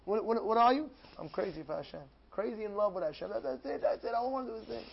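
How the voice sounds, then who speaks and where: A man giving an animated Torah class as a rabbi, acting out dialogues and repeating phrases with mounting excitement. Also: high-pitched, fast talker, vocal fry, dull audio, slight background noise. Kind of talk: animated sermon.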